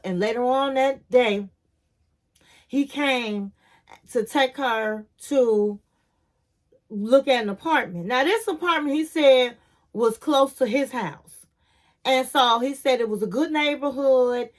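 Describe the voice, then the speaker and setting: A woman's voice: a little high, slow pace. A woman from Chicago giving a blunt, sassy reality TV recap in casual chat, acting out the cast's lines as she goes.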